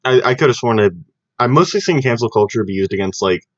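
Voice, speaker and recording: A man's voice: mid-range voice, lively intonation, no echo. A young man from the States, co-hosting a podcast in casual, rambling, jokey chat. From Southern United States. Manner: rambling, jokey, quick to laugh. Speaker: podcast co-host. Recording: dry, dull lo-fi audio.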